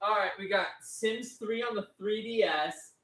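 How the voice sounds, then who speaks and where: A man's voice: sits high, unhurried, bright, forceful tone, reverberant. A man co-hosting a casual livestream, rambling and telling stories to the chat. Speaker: co-host.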